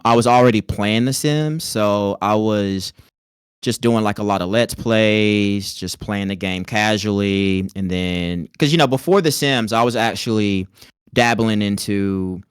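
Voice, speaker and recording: A man's voice: fairly low pitch, a little slow, clear, resonant tone, no room sound, studio quality. A man from North Carolina with a light Southern twang, chatting in a laid-back way as a podcast guest. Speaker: podcast guest, content creator. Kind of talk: casual interview chat.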